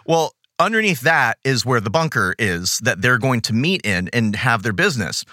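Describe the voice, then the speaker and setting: Animated, bright-voiced podcast host, a man. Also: medium pitch, normal speed, dry recording, clean studio sound. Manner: animated, jokey, theatrical asides. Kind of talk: casual podcast chat.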